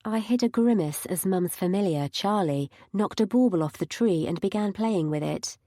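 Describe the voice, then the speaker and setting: A woman's voice: medium pitch, expressive, normal speed, hardly any pauses, warm tone, dry recording. A woman narrating a first-person audiobook with wry, dry humour.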